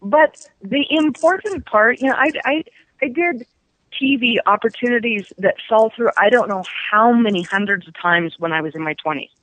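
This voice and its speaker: Animated woman in her fifties. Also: on the high side, moderate pace, dry recording. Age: 50s. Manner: animated storytelling, laughs often. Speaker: psychic guest. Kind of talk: casual radio chat. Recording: dull lo-fi radio sound.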